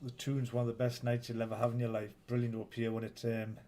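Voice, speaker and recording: A man's voice: mid-range voice, completely flat delivery, quick pace, mellow. A man with a Northeast English accent, hosting a casual live stream and bantering with viewers in a rambling, teasing way. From Northeast England.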